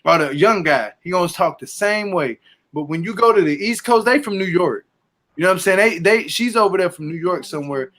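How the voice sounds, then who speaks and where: A man hosts a laid-back show chat, and his voice sits high for a man. He talks with emphasis and animation, pressing his points home. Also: a little fast. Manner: animated, emphatic, leans on "to be honest". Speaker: podcast host. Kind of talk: casual chat recapping a reality show.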